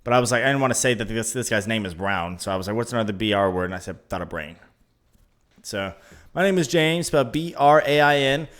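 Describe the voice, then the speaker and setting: A man co-hosting a casual podcast chat, talking in an animated, ranting way and laughing often. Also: lowish voice, quick pace. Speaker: podcast co-host.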